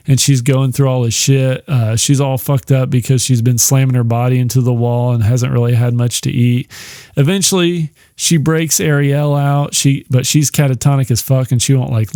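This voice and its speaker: A man's voice: medium pitch, mellow, no room sound. A man in the middle of his range retells a story in a loose, rambling way, full of swearing and fillers. He breaks into laughs often. The sound is close and dry. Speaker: podcast host. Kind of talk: casual retelling of a novel's plot.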